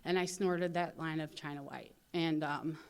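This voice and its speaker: A woman from St. Louis speaking at a recovery convention. She talks casually, fills her speech with "you know," and acts out other people's lines in lively voices. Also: low-pitched, normal speed, smooth. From St. Louis, USA. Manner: casual storytelling, heavy on "you know" fillers. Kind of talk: personal recovery talk. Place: convention hall.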